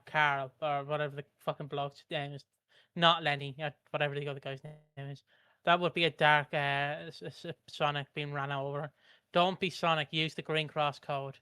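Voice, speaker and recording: British guy reading out chat messages, bright smooth voice, dry close mic. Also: a little high, no echo. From Britain. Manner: reads comments aloud with stumbles. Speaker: co-host reading out viewer comments. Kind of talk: live stream, reading chat.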